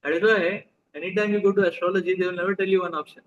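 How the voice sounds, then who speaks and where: The sound is lo-fi as a male spiritual teacher with an Indian accent talks rapid-fire in a high, steady voice. His sermon to the live audience is conversational, full of questions for listeners and sprinkled with Hindi.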